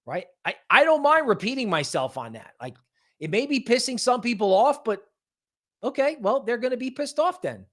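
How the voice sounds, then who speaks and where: This crypto market show host sounds very high-pitched and very animated, with a fairly bright tone at normal speed as he livestreams his analysis. Rambling and chatty, he keeps saying "right?" and mocks jittery traders in exaggerated voices.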